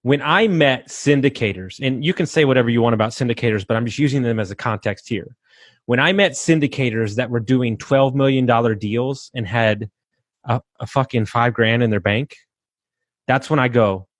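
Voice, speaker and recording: A real estate investor appears as a guest on a motivational podcast, speaking in a mid-range voice at a moderate pace with clean studio sound and no room sound. He's emphatic and fired up, swearing freely and preaching like a coach.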